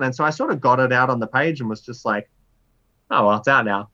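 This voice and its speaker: A man in his thirties, a writer being interviewed, talking in a rambling, animated way full of fillers. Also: brisk. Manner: animated storyteller, jumps pitch for inner voices. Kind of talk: casual conversational interview.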